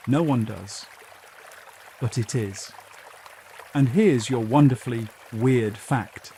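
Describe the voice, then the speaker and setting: A man narrating a scripted sleep story about science in a calm, soothing, unhurried way. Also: medium pitch, slight background noise.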